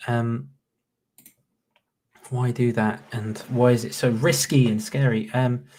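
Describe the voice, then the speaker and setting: A man's voice: medium pitch, steady tone, slow, a little mellow, a little hiss or hum. A man in his late twenties with a Northern English accent, rambling and swearing through casual reaction commentary. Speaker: YouTuber.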